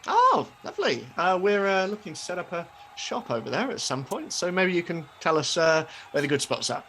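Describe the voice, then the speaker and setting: A man's voice: high-pitched, big pitch swings, fairly quick, sharp tone, a little hiss or hum, exaggerated voice. A man putting on a brash showman joke-shop wizard. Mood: chatty. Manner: brash sales patter, playful.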